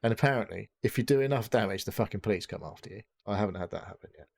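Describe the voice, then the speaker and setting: A man's voice: fairly low pitch, racing, creaky, a little mellow. A man hosting a podcast, chatting casually in a rambling, sweary way full of fillers and restarts. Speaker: podcast host. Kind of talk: casual chat.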